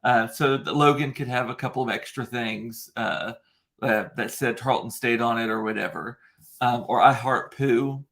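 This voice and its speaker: A man's voice: medium pitch, normal speed, vocal fry, fairly bright tone. A man, telling a rambling, gossipy story in a casual vlog, full of campy asides and mocking impressions. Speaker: vlogger. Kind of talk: casual chat.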